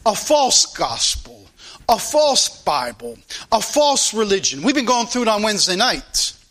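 A man's voice: high voice, sing-song, a little slow, a bit bright. A man preaching a sermon to his congregation, fervent and repetitive, stretching out key phrases for emphasis. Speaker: pastor.

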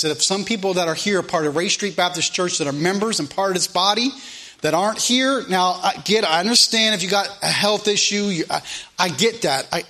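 A man's voice: sits high, pushed and bright. A man pastor, preaching a sermon in a church in an earnest, conversational way full of asides and repeated phrases. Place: church sanctuary.

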